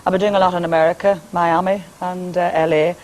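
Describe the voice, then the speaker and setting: A woman's voice: lowish voice, flat delivery, fast talker, a little mellow, low-quality recording. A woman with a Northern Irish accent and a powerful speaking voice, chatting and joking as a guest on a TV interview. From Northern Ireland. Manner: brassy, joking, laughs often. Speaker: singer and entertainer guest.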